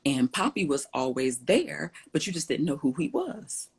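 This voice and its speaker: Husky-voiced woman telling a family story. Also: low voice, moderate pace. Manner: animated storyteller, acts out quoted dialogue. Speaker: guest. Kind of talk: personal storytelling interview.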